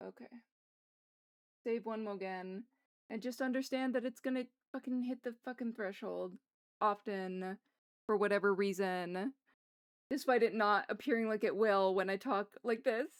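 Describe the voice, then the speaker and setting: A woman's voice: medium pitch, steady tone, moderate pace, clean tone. A young woman streaming live as she draws, muttering to herself in a frustrated, self-mocking way and swearing often. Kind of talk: casual live-stream chatter while drawing.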